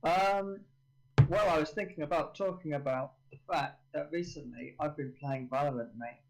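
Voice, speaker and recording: A man's voice: fairly high pitch, normal speed, creaky, noisy background. A young man, a university student, chatting casually as a stream guest in a laid-back, dry way. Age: young adult.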